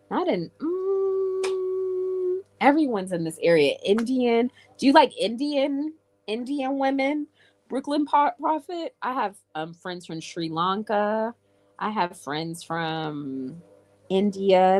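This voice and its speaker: A woman's voice: medium pitch, a little mellow. A woman from England chatting casually with viewers on a livestream and answering their comments. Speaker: live streamer.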